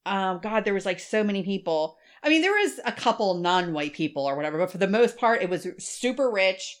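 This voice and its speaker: A woman's voice: mid-range voice, brisk. Middle-aged woman rambling thru a story on a podcast, swears a lot, does little voices for people. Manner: animated storytelling, swears freely, mimics voices. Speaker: podcast co-host. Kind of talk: casual chat.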